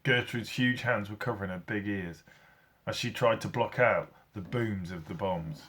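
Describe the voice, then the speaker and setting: A man's voice: fairly low pitch, moderate pace, fairly bright tone, slightly rough. A man, a teacher, reading a children's story aloud, acting out sound effects as he goes.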